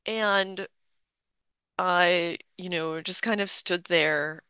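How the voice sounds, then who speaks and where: Halting, bright-voiced adult in their fifties. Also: mid-range voice, fairly even intonation, clear, resonant tone, dry recording. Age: 50s. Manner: halting, with fillers and restarts. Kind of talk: reflective personal storytelling.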